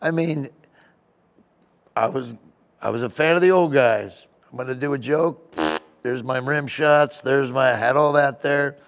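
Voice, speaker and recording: A man, a comedian being interviewed, telling casual rambling anecdotes in an animated way. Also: mid-range voice, a little slow, pauses often. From United States. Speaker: comedian guest.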